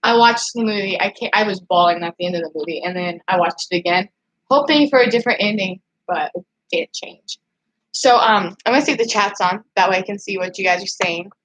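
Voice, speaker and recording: A woman's voice: mid-range voice, brisk, fairly bright tone, low-quality recording. A woman on a casual livestream, rambling and emotional, still upset after crying, with nervous laughs and many fillers while she answers her chat. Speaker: livestreaming vlogger.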